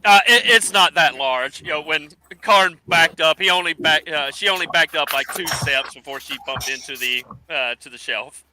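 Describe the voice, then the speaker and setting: A man serving as dungeon master, describing scenes haltingly as he narrates a tabletop game. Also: a little high, sharp tone. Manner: halting, full of fillers and restarts while describing scenes.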